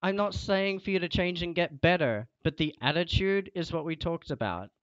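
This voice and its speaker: Young male game streamer, lecturing tone, higher voice, dry muffled mic. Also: normal speed, no echo. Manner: scolding, lecturing a teammate, voice rising. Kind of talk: casual game stream chat.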